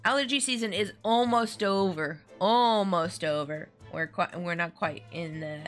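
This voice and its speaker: An American woman streams a game with faint game music in the background, chatting casually and giggling between asides in a let's-play commentary. Her mid-range voice is expressive and her pace measured.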